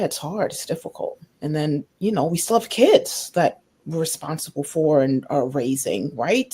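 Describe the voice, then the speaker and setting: Woman, family caregiver guest, slightly raspy voice, thoughtful and halting. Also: low-pitched, dark tone. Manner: reflective, searching for words, many fillers. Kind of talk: candid conversational interview.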